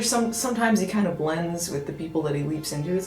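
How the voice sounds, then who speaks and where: A woman's voice: on the low side, lively intonation, quick pace, few pauses, darkish tone. A woman reviewing a novel in a sarcastic, exasperated comic rant, stumbling over restarts. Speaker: video reviewer. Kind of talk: comedic book review. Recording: echoey room with faint music.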